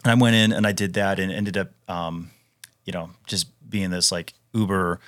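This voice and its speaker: A man's voice: deep voice, fairly even intonation, moderate pace, a bit bright, no room sound, clean studio sound. A man in his thirties from Wisconsin, a retired Navy SEAL, talking casually as a podcast guest with emphatic restarts and lots of fillers. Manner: emphatic, frequent fillers and restarts, says "dude" often. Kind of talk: casual conversational storytelling.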